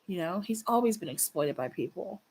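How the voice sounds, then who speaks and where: A woman's voice: fairly low pitch, expressive, fairly quick, a little mellow, breathy edge. A young woman chatting casually to her livestream viewers, blunt and swearing freely, often restarting her sentences. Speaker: livestream host.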